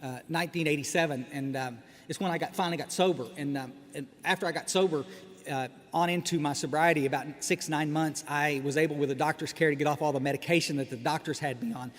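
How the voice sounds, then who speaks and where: A man's voice: on the high side, steady tone, quick pace. A middle-aged man giving a humorous personal talk at a recovery meeting, wry and joking, often restarting his sentences and making asides to the crowd. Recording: echoey hall with faint background noise.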